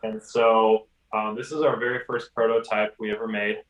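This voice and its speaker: A man being interviewed about his company's products, speaking easily with many pauses and restarts. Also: on the low side, level tone. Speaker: interviewee from an instrument maker. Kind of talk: recorded interview. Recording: roomy, distant mic.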